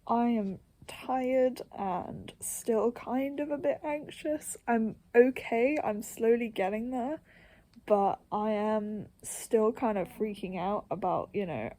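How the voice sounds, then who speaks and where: Speaking slowly in a warm, fairly high voice, a young woman chats casually to camera. Her vlog rambles and is self-deprecating, with frequent laughter and occasional half-whispers.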